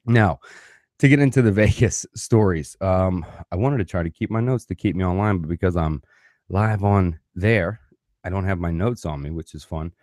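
A man telling a personal story in a casual, animated way, swearing freely. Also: low voice, normal speed, no room sound, studio quality.

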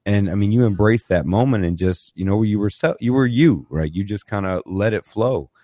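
Chill podcast host guy, really deep voice, dry close sound. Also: normal speed, mellow, dry recording. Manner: laid-back, encouraging, calls guest "man". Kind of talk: casual podcast interview.

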